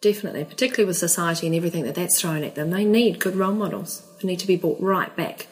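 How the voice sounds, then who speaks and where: A woman with a New Zealand accent talks in a calm, soothing way, low in pitch and unhurried. She sounds earnest and grounded, a guest in a relaxed podcast chat. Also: rough recording. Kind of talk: casual interview chat.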